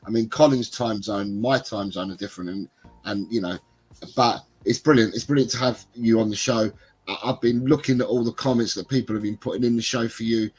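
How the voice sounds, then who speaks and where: A man's voice: on the low side, fairly quick, husky, low-quality recording. A man with a blocked nose from a cold, speaking as a regular on a casual football live stream. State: congested with a cold. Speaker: show regular.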